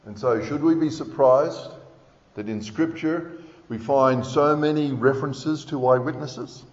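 A man's voice: mid-range voice, unhurried. A man preaching a sermon in an earnest, emphatic way, reading scripture aloud. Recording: dull sound with long hall reverb.

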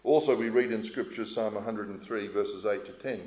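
A middle-aged man preaching a sermon in a measured, earnest way, with frequent hesitations as he speaks to a congregation. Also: lowish voice, fairly even intonation, darkish tone. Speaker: pastor. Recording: echoey, slightly dull room sound.

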